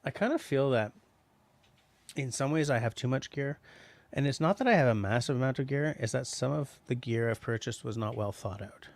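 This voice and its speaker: A middle-aged man from Canada chats loosely on his livestream, stumbling through restarts and fillers as he answers viewers. His voice sits at a middle pitch with a gravelly edge. The sound is close and dry. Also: lively intonation, normal speed, dry recording. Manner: rambling, many restarts and fillers. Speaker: livestream host reading chat. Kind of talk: casual chat.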